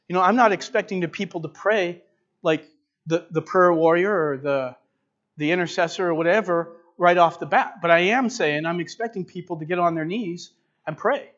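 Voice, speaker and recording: A man's voice: sits high, normal speed, fairly bright tone, muffled recording. A man preaching a sermon, earnest and direct, building to emphatic repeated phrases. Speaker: pastor.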